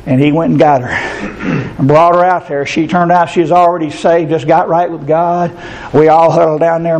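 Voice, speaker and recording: A preacher man with a slightly high voice delivers his sermon in a folksy, storytelling way. He acts out both sides of the conversations as he tells his stories, then leads the congregation in prayer. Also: darkish tone, rough recording. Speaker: pastor.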